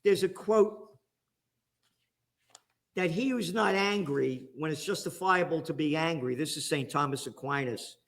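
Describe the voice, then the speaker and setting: A man's voice: on the high side, measured pace, creaky, fairly bright tone. A man from the Bronx with a New York accent, a guest giving fired-up, angry political commentary.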